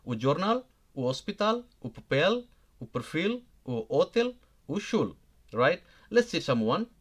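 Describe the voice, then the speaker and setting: Man teaching a halting online lesson. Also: a little high, sing-song. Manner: halting, many fillers and restarts, checks in with "okay?". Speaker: language teacher. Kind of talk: live online grammar lesson.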